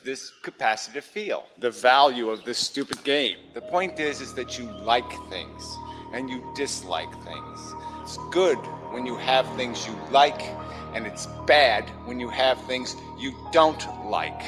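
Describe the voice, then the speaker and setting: A man's voice: mid-range voice, lively intonation, measured pace, music in the background, low-quality recording. A man delivering a furious, heavily profane monologue, berating his listeners. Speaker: commentator. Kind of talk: angry monologue rant.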